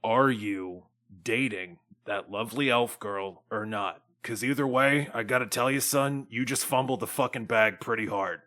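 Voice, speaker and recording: Blustering dad, man playing: gruff, crude, jovial, scolding. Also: mid-range voice, moderate pace, a bit bright, close to an everyday voice. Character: blustering middle-aged father, crude and jovial.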